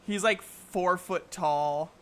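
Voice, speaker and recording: A man narrating as game master of a tabletop game, halting with many fillers and giggles. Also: sits high, a loud crowd.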